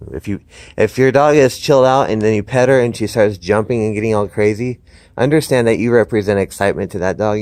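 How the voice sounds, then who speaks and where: A man's voice: lowish voice, a little mellow. A man talking casually to camera outdoors about training his dog, explaining at length with frequent restarts. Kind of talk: casual instructional talk to camera. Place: outdoors, by a fenced yard.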